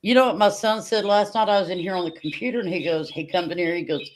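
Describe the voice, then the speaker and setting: A woman's voice: lowish voice, fast, few pauses. A woman in casual livestream chat who laughs often, tells stories with quoted dialogue, and reads out viewer comments. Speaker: livestream co-host.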